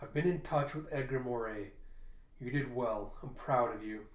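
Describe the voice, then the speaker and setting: A man reading a comic aloud, voicing a cold, commanding older family patriarch in measured speech, in a roomy echo. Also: medium pitch, natural voice. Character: stern powerful older male patriarch.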